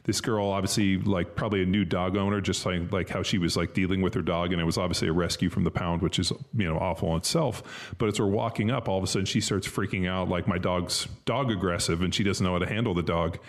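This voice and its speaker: Man, very low voice, loose profane podcast talker. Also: steady tone, fast, few pauses. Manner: rambling, swears a lot, many fillers. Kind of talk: casual chat.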